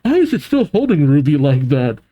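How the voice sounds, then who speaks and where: A man reading a comic aloud and reacting to it, animated, laughing often and voicing the characters. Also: a little high, fairly quick.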